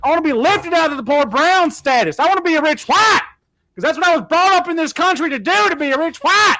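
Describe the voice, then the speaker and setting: A man's voice: very high-pitched, animated, fast, bright, forceful tone, no room sound, voice pushed up, exaggerated voice, low-quality recording. An earnest churchgoing teenage boy pleads with his mama in a whiny, rising voice, as a man acts him out. His tone stays wide-eyed and sincere. The sound is dry and close. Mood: pleading.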